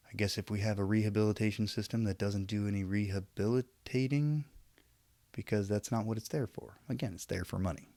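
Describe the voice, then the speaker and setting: A man with a fairly low voice delivers a rambling opinion monologue straight to camera. He is preachy but self-aware, trailing off into wry asides. The sound is dry and close, with no room echo. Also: warm tone. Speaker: vlogger.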